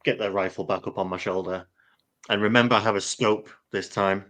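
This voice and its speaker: A man with a bright, somewhat low voice plays a tabletop game. He talks through his moves and dice rolls one step at a time. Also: steady tone, a little fast. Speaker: player.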